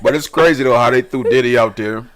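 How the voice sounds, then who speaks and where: A man co-hosting a podcast in casual banter, animated and profane, laughing often as he tells a story. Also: mid-range voice, fast talker, over a noisy crowd. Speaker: podcast co-host.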